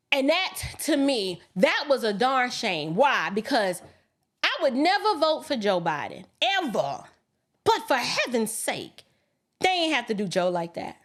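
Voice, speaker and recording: Woman, livestream host, high lively voice, colloquial, emphatic. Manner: animated, mimics others in quoted asides. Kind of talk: political commentary livestream.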